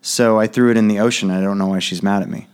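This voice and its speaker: A man's voice: fairly low pitch, fairly even intonation, quick pace, a little mellow, clean tone. A man chatting as a guest, easygoing and upbeat as he trades jokes. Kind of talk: casual chat.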